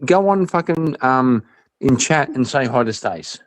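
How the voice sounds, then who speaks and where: Profane, lively man mock-ranting in banter. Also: mid-range voice, a little slow. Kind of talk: crude casual chat.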